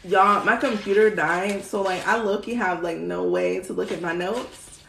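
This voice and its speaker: A woman's voice: mid-range voice, moderate pace, creaky, slight background noise. A young woman, chatting casually on a live stream, slangy and swearing freely, laughing often. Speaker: spiritual livestream host. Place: indoor room, live stream. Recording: roomy echo.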